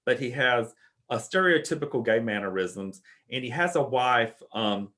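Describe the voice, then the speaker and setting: Male guest author, average pitch, relaxed chat with thoughtful stumbles. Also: normal speed. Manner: hesitant, repeats words while thinking. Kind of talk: casual chat.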